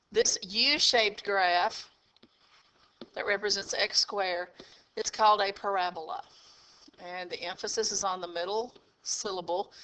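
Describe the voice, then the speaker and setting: A woman math teacher talks her class through a lesson at a steady, patient pace. Her voice is bright and clear. She breaks each step down and keeps pausing to ask "okay?". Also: mid-range voice, slight background noise, low-quality recording. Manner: patient, step-by-step explaining with frequent "okay?" checks.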